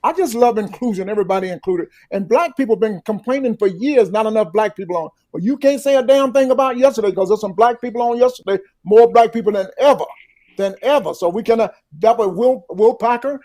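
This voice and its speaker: A man's voice: sits high, quick pace, hardly any pauses, warm tone. An older man, a comedian guest, joking and teasing in casual banter.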